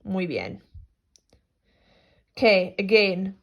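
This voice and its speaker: A woman teaching Spanish phrases to schoolchildren in a recorded lesson, speaking slowly and repeating each phrase for learners to echo. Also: mid-range voice, creaky. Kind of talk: remote language lesson for children.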